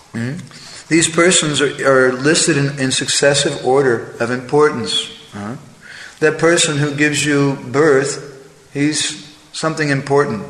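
A man giving a devotional lecture, explaining scripture and asking "right?" and "huh?" along the way. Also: fairly bright tone. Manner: chants verses in a higher, singing voice. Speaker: spiritual teacher. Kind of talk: devotional lecture with Sanskrit and Bengali verses. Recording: echoey hall with faint ambience.

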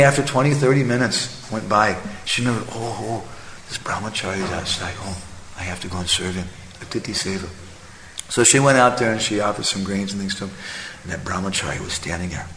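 A man's voice: on the low side, fairly bright tone, a little hiss or hum. A male preacher giving a conversational sermon, telling a story and often checking in with the audience. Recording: echoey hall, faint ambience.

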